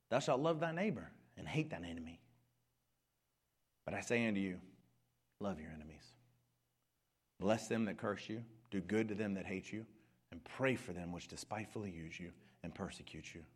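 A middle-aged male pastor preaching a sermon with passion, dropping to hushed near-whispers and rising to shouts. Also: lowish voice, slightly rough.

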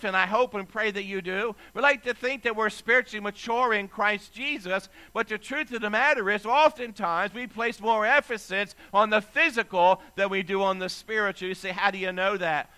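Bright-voiced male preacher. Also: high voice, clear, resonant tone. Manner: emphatic, slows to read scripture aloud. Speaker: pastor. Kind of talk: sermon.

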